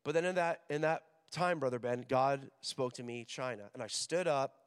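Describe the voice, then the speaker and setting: A young man preaching to students, energetic and joking, acting out voices in his stories. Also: mid-range voice, normal speed, smooth. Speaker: missions director speaking at a school chapel. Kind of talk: sermon. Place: large hall with an audience. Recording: long hall reverb.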